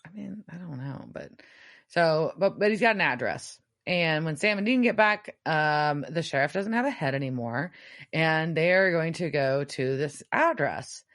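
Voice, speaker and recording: Low-voiced woman recapping an episode. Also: lively intonation, normal speed, fairly bright tone, dry recording, clean studio sound. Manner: chatty recapping with many fillers. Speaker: podcast co-host.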